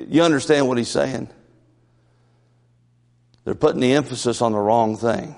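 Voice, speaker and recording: A man's voice: mid-range voice, normal speed, long pauses, darkish tone, in a large hall. A man preaching a sermon as the church's pastor, folksy and storytelling, with asides and chuckles.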